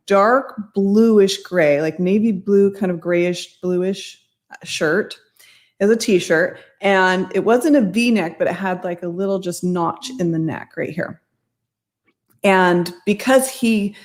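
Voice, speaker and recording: With a fairly low pitch, a middle-aged mindset coach casually recounts a personal experience. She tends to ramble and correct herself as she talks, breaking into a laugh here and there.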